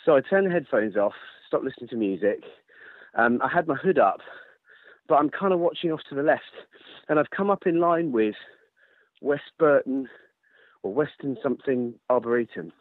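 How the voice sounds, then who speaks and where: A man telling a running story in casual chat, animated, swearing and laughing as he goes. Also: medium pitch, normal speed, long pauses, dry recording. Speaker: ultrarunner guest. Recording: tinny phone-line sound, dry.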